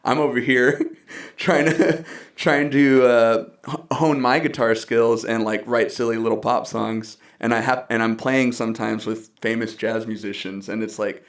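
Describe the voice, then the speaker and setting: A man's voice: medium pitch, steady tone, normal speed. A young man from the Dallas area, a guest musician in a casual podcast conversation, telling personal stories earnestly with quoted asides and laughs.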